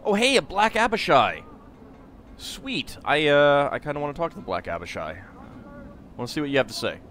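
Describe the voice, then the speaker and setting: A man giving casual, rambling let's play commentary, full of halting restarts. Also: fairly high pitch, very animated, fairly bright tone, a little hiss or hum. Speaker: game streamer.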